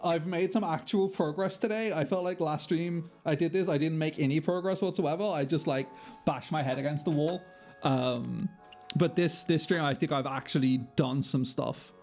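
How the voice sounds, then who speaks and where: A man's voice: a little high, normal speed, darkish tone, soft background music. A man streaming a game live, chatting with viewers, sweary and self-mocking. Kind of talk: live gameplay commentary.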